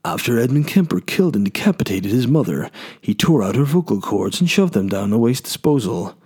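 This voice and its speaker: A man's voice: mid-range voice, very animated, a little fast, a little mellow, husky. A young man hosting a podcast, telling crude stories in a rambling, joking way. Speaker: podcast host. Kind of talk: casual storytelling.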